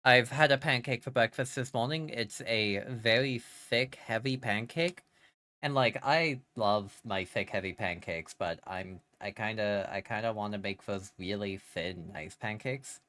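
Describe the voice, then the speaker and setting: A young woman livestreamer chatting casually with her viewers, greeting them in a bubbly, playful way with sudden jumps up in pitch. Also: measured pace, fairly bright tone.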